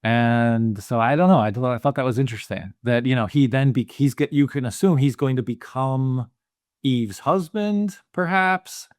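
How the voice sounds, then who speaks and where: Male podcast co-host, mid-pitched, musing and casual, dry close sound. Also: moderate pace, no room sound. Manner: thoughtful, musing, many "you know" fillers. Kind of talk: casual film discussion.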